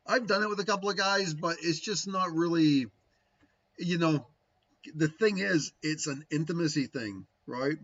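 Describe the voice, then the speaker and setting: A man with a fairly bright, higher-side voice talks at a moderate pace over lo-fi audio. He's a spiritual teacher on a casual livestream, answering viewers about spiritual practice in a rambling, musing way full of "right?"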